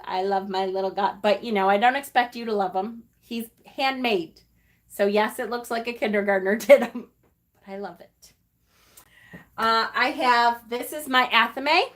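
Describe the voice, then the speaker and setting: A woman's voice: on the high side, fairly bright tone. A middle-aged woman hosting a casual live stream, chatty and affectionate, with many fillers and emotional asides. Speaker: livestream host.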